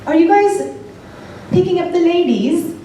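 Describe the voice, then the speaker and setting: A woman's voice: very high voice, animated, a little slow, warm tone, slight background noise, pitched above the performer's own voice. A woman playing a young woman who fakes a British accent to chat up men at a bar, bubbly and overly polite, in an echoey room with a distant mic. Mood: chirpy. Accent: fake British.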